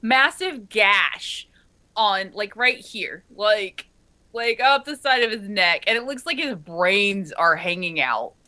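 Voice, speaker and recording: A woman co-hosting a show, telling a lively story in casual chat and laughing often. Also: mid-range voice, slow. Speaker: podcast co-host.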